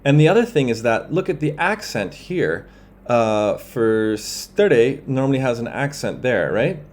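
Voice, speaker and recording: A man teaching a grammar lesson over slides, explaining in a relaxed way with fillers and quick self-corrections, and saying example phrases in another language. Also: medium pitch.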